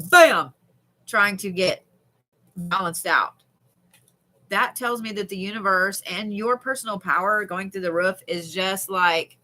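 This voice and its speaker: A tarot card reader on a livestream does live readings and chats frankly with viewers, swearing casually. She speaks in a mid-range voice that sounds pushed and bright.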